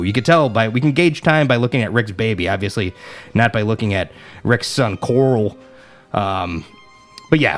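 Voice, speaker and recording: A young man giving a comedic, sarcastic review full of profanity and exasperation. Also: mid-range voice. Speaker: vlogger reviewing a TV show.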